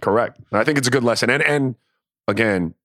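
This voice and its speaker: A man's voice: medium pitch, quick pace, a bit bright, no echo, studio quality. A man co-hosting a sports podcast, giving earnest opinions with stammered restarts. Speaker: podcast co-host. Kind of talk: casual sports chat.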